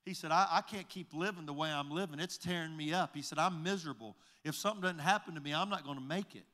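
Bright-voiced male pastor telling a story. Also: a little high. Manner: recounts conversations, retelling each exchange with repeated "I said, he said"; halting restarts and repeated words. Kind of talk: storytelling sermon.

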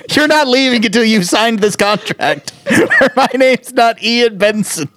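A man's voice: extremely high pitch, expressive, takes it slowly, a bit bright, pitched above the performer's own voice, exaggerated voice. A man playing a blustery, mock-serious studio executive who is eager to close a deal. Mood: pushy.

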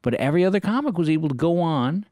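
A man and stand-up comic chatting casually, an animated storyteller who acts out his own yelling. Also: a little high, fast talker, no room sound, clean studio sound. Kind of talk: casual chat.

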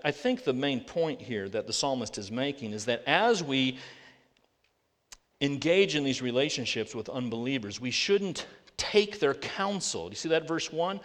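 Man preaching in a reverberant hall. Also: medium pitch. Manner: earnest, rhetorical questions, slows on scripture. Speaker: pastor. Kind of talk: sermon. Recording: long reverb of a large hall.

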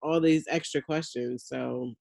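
A woman's voice: a bass voice, fairly even intonation, measured pace, vocal fry, darkish tone, dry recording. A woman, a mother of young children, talking candidly in a casual chat and laughing as she vents. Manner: candid, laughs while venting, acts out her kids' voices. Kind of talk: casual podcast conversation.

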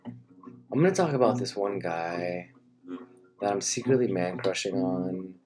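A man's voice: sits low, expressive, unhurried. Rambling mock-earnest young man. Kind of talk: rambling comedic monologue.

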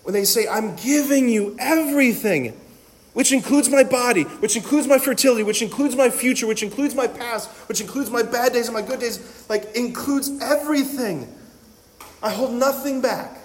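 A man with a notably high voice delivers an animated, humorous talk on faith to a live audience. He keeps it conversational and keeps checking in with his listeners. The sound rings out with the long reverb of a large hall. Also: moderate pace, slight background noise. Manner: energetic, joking, conversational, full of "right?". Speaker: Catholic speaker.

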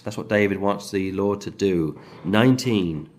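A man preaching an expository sermon in an earnest, animated way, acting out the voices he quotes. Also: on the low side, moderate pace.

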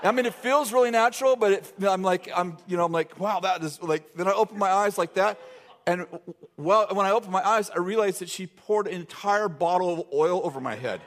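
A middle-aged male pastor tells a story from the pulpit, his voice sitting fairly high for a man. He wanders through the tale, stopping and restarting sentences and laughing along the way. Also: brisk. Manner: rambling, self-interrupting, laughing through a funny story. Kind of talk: sermon storytelling. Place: church sanctuary.

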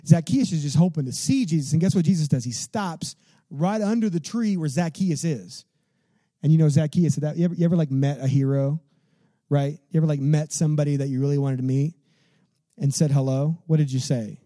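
A man preaching a sermon as a pastor, in an animated, conversational way, full of rhetorical questions and casual fillers. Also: on the high side, brisk, no echo.

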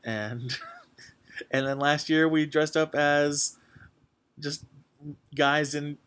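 A young man hosting a podcast, chatting casually and excitedly, with lots of fillers and restarts. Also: fairly high pitch, drawn-out words, smooth. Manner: rambling, full of fillers, excitable. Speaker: podcast host. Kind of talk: casual chat.

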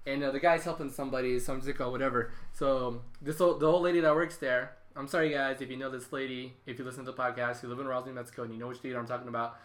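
A man's voice: mid-range voice, fairly even intonation, racing, few pauses. A young man, co-hosting a casual podcast and animatedly acting out the dialogue in his stories. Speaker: podcast co-host. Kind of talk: casual chat.

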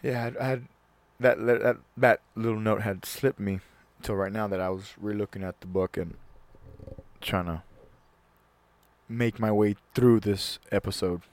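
A man's voice: fairly low pitch, fairly even intonation, unhurried, no echo. A man hosting a solo talk show, chatting casually and reading a passage aloud earnestly, sometimes stumbling and restarting words.

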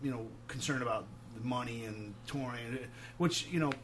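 A man, a touring musician, telling animated road stories full of swearing and acted-out quotes. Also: mid-range voice, normal speed, a little hiss or hum. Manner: profane, animated anecdotes acting out quotes. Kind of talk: casual storytelling.

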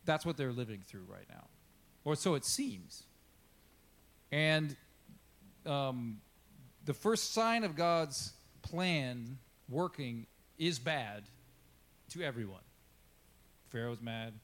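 A man's voice: medium pitch, expressive, slow, pauses often, fairly bright tone. A man preaching a casual sermon, talking in a chatty way and acting out quotes with asides to his congregation. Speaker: pastor. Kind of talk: conversational sermon.

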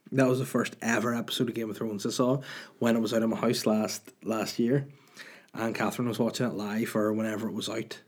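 A man's voice: mid-range voice, slightly rough. A young man with a Northern Irish accent, hosting a podcast in rambling, sweary, joking storytelling. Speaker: podcast host. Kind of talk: casual solo chat.

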